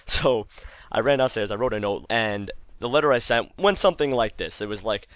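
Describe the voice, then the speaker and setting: A young man casually telling a funny childhood story for his video channel, voicing himself and his mother with big jumps in pitch. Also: lively intonation, fairly quick, fairly bright tone, no room sound.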